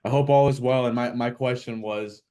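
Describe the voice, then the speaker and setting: A man's voice: medium pitch, steady tone, normal speed, dark tone. A man asking a question on a video call, stammering and repeating words.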